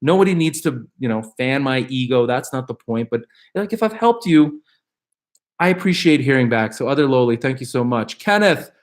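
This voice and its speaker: A man's voice: mid-range voice, moderate pace. A middle-aged man hosting a live question-and-answer stream, chatting casually and with rambling energy, reading out viewer questions and answering them. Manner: animated, upbeat, rambling with fillers and restarts; reads viewer questions aloud.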